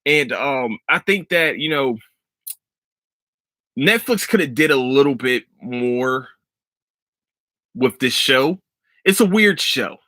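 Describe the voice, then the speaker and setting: A man hosts a laid-back solo podcast and rambles through his thoughts with loose, profane excitement. His voice has a bright, forceful edge. The recording is dry and close, with no room sound. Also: mid-range voice, takes it slowly, long pauses, no room sound. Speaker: podcast host. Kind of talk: casual solo podcast chat.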